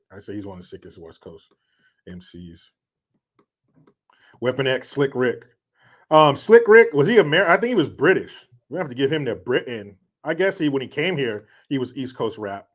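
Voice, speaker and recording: A man hosting a casual livestream, rambling and swearing as he answers comments. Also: mid-range voice. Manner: profane, rambling, laughs at own jokes. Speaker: livestream host.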